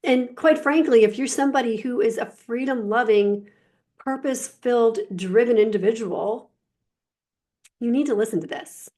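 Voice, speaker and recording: A woman coach talking casually about softness and emotions, lively and emphatic, full of filler words and rhetorical questions. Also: a little high, normal speed. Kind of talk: casual spiritual coaching talk.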